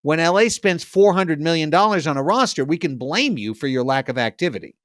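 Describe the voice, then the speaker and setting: A man hosting a sports podcast, ranting sarcastically in casual chat before trailing off quietly. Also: a little high, lively intonation, brisk, no room sound, clean studio sound. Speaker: podcast host.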